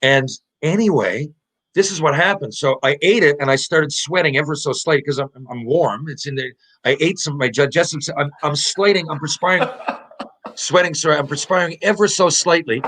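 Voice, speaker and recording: A man's voice: on the high side, fairly quick, fairly bright tone, poor audio. Rambling, profane man telling a hockey story. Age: 40s. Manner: rambling, profane, laughing anecdote-teller with many restarts. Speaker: podcast guest, former hockey player. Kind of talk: casual storytelling.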